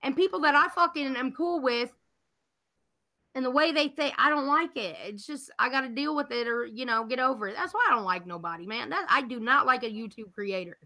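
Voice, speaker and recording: A woman's voice: high-pitched, brisk, sharp tone. A woman venting angrily and profanely in a casual livestream chat. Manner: profane, heated, ranting. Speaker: livestream guest.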